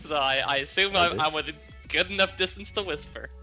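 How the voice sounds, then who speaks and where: A man's voice: on the high side, a little fast, bright, forceful tone, soft background music. A man playing a tabletop game, eager and laughing, stumbling over his words. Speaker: player.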